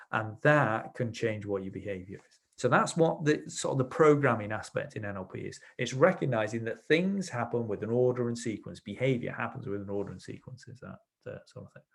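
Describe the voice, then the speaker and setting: A man giving a webinar on NLP, explaining techniques through client stories in a relaxed, chatty way and acting out what his clients said. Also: mid-range voice, creaky. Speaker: webinar presenter, NLP trainer. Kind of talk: explanatory webinar talk with anecdotes.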